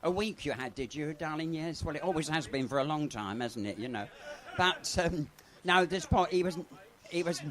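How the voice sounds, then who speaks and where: Bawdy drag comedian, very lively pitch. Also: male voice. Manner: bawdy, chatty, teases the audience. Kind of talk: live stand-up comedy. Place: pub stage with a live audience.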